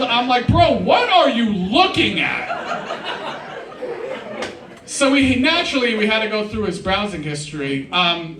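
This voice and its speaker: High-voiced young man doing stand-up. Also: background noise. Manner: casual, says "dude" often. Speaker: stand-up comedian. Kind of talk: stand-up comedy set. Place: live comedy show before an audience. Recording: roomy live sound, mic at a distance.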